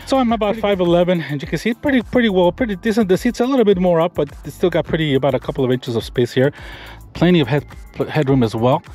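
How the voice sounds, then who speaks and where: Man, car vlogger, fast talker, enthusiastic walkaround, rambling restarts, recorded inside a parked truck. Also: sits high, darkish tone, soft background music. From Florida. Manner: enthusiastic, rambling show-and-tell with frequent restarts. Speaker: car reviewer. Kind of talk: walkaround car review vlog. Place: in and around a parked pickup truck.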